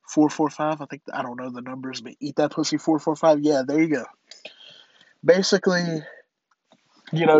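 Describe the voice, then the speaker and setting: A man's voice: a little high, no room sound, dull audio. A young man from North Carolina with a congested, stuffy nose, hosting his own podcast in casual solo commentary, rambling and stumbling over his words. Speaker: podcast host.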